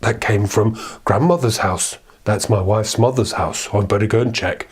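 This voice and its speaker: A man's voice: fairly low pitch, moderate pace, breathy edge. A man voicing a kind, brave lumberjack father in a plain, matter-of-fact way that is close to his own speaking voice. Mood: puzzled.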